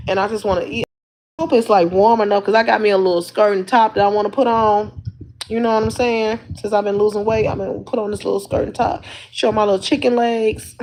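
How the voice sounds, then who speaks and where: A woman's voice: mid-range voice, a little hiss or hum, rough recording. A woman chatting casually to her livestream viewers, rambling along and laughing often, talking into a phone. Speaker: livestream host.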